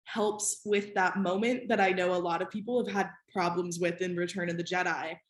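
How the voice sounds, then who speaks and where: A woman's voice: on the low side, steady tone, normal speed, reverberant. A woman hosting a podcast, chatting casually with many "like" fillers. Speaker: podcast host.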